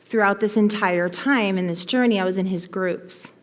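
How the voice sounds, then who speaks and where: A woman telling a heartfelt personal story to her team in an emphatic, animated way, in front of a live audience. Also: medium pitch, normal speed. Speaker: motivational speaker to her team. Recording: long hall reverb.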